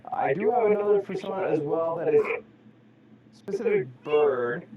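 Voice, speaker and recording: Rambling man over loud crowd noise. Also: on the high side, lively intonation, moderate pace, lo-fi sound. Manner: rambling, jokey tangents. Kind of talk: casual chat.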